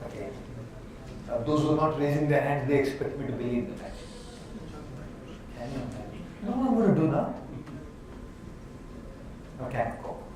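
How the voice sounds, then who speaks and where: A man with an Indian accent giving an animated motivational talk to a live audience, asking them questions as he goes. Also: a little high, brisk, long pauses, noisy background. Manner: animated, asks the audience questions, uses props. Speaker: motivational speaker. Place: large hall with a live audience. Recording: echoey hall from far off.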